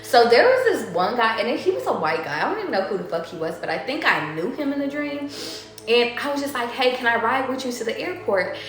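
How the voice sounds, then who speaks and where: A woman's voice: on the high side, very animated, brisk. A woman tarot reader chatting casually, rambling between stories, swearing freely and laughing often. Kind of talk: casual chat. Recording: very echoey room, faint music behind.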